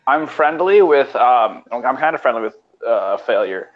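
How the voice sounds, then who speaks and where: This young Californian podcast co-host has an expressive, mid-range voice and a measured pace. Heard on a lo-fi voice call with faint noise, he chats casually and crudely, rambling loosely and stammering through frequent restarts.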